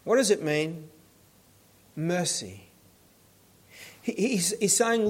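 A man preaching a sermon in an earnest voice, often restarting his words and dropping to a hushed tone. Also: sits high, takes it slowly, long pauses, breathy edge. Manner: earnest, stumbling restarts, pleading then hushed. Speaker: pastor.

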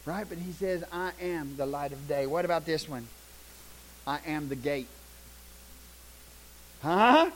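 Folksy older preacher, high-voiced. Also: male voice, a little hiss or hum, low-quality recording. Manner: folksy, animated, shouts punchlines, drops to hushed tones. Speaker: pastor. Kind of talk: sermon with storytelling.

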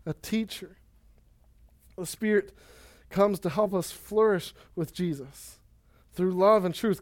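High-voiced man preaching a casual sermon. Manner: casual, energetic preaching with quick asides and Bible readings. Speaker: pastor.

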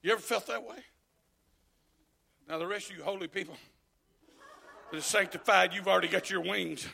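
A man preaching a sermon, folksy and joking, dropping to quiet asides and then shouting exhortations. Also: sits high, steady tone, normal speed, gravelly, slightly rough.

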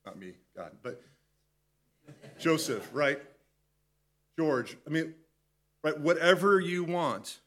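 A male pastor talks through a Bible passage in a loose, conversational way. His voice sits a little high, and he stumbles and restarts phrases as he thinks aloud. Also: sing-song, fairly bright tone. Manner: conversational, halting with repeated restarts. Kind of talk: devotional Bible teaching.

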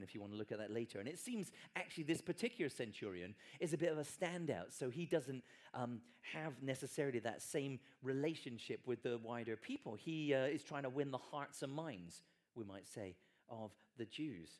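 A man's voice: medium pitch, animated, a little fast. A man preaching a sermon in a conversational, emphatic way with wry asides.

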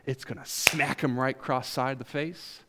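A man's voice: mid-range voice, moderate pace, heavy background noise. A male pastor with a Southern US accent preaching a sermon, joking with the congregation. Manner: animated, jokes with the congregation.

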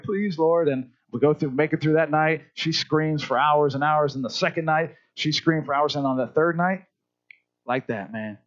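A high-voiced man preaching in an animated, storytelling way. The recording sounds dull and lo-fi. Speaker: pastor. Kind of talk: sermon.

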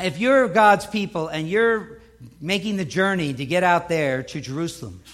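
A man with a notably high voice delivers a sermon from the pulpit. He preaches emphatically, stacking points and repeating phrases to drive them home. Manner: emphatic, building repetition.

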